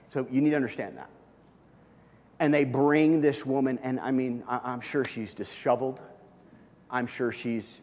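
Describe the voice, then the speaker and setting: A man's voice: mid-range voice, a little mellow. A man, a pastor, preaching a sermon in an earnest, conversational way, repeating phrases for emphasis. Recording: long hall reverb.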